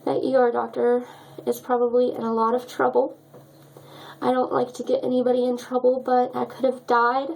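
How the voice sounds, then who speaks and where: Young woman vlogger, gravelly fry, higher voice, emotional and choked up. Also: level tone, moderate pace, a little mellow, low-quality recording. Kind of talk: personal story vlog.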